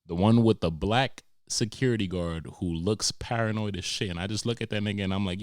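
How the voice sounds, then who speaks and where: A young man, hosting a podcast and telling comic stories in a profane, animated way with sarcastic asides. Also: on the low side, brisk, hardly any pauses, no echo, clean studio sound. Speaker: podcast host. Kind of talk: comedic monologue.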